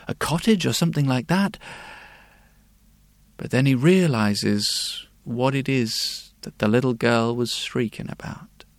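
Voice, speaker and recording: A man telling a fairy tale in a hushed, repetitive, lulling way. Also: mid-range voice, no echo. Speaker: storyteller. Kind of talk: slow fairy-tale storytelling.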